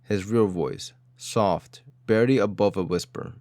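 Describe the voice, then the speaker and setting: Male story narrator, dramatic and clipped; low-pitched, dry sound. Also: unhurried, a little mellow, dry recording.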